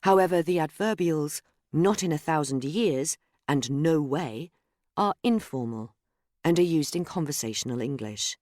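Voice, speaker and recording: A narrator reading a scripted grammar lesson in a measured, explanatory way, speaking example sentences aloud. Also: mid-range voice, expressive, darkish tone, dry recording, clean studio sound. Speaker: course narrator.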